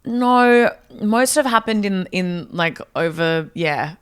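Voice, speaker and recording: A woman's voice: medium pitch, slow pace, smooth. A young Australian woman guest in a casual podcast chat, telling stories animatedly and slipping into voices. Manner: animated storyteller, affectionate, slips into voices.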